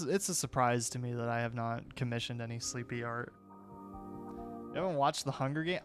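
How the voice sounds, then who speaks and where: Opinionated young man chatting with stream viewers. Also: a little high. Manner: rambling, opinionated, quick restarts. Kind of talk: casual chat with viewers.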